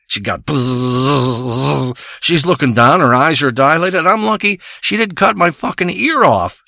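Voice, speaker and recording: A man's voice: fairly high pitch, pushed and bright, no room sound, clean studio sound. A man delivering a crude, rambling comic monologue, ranting and swearing as he tells a story.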